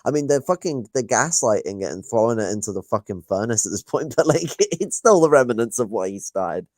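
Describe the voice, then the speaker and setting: A man's voice: medium pitch, expressive, a little fast, darkish tone, no echo. An Irish man in casual political chat, rambling and swearing with lots of fillers. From Ireland. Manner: rambling, profane, many fillers.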